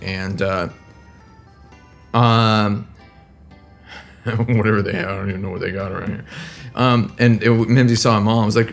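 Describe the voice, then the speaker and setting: A man's voice: fairly low pitch, fairly even intonation, normal speed, long pauses, soft background music. A man casually telling stories on a live stream from a hotel room, rambling and restarting, often laughing at his own jokes, recorded on a laptop mic. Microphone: laptop microphone.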